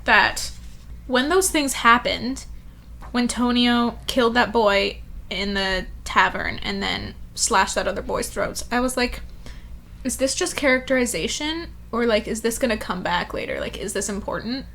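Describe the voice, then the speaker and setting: A woman's voice: fairly high pitch, measured pace, creaky, sharp tone. A woman co-hosting a podcast in casual book chat, reacting emphatically and swearing freely. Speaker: podcast co-host.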